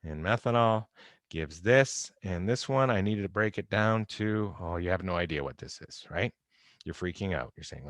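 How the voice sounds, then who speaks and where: Guy teaching chem over a video call, kinda low voice, wry and casual, dry close sound. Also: animated, normal speed, fairly bright tone, dry recording. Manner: informal, wry, talks to students directly. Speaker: chemistry instructor. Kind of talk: recorded lecture going over an exam. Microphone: close computer mic on a video call recording.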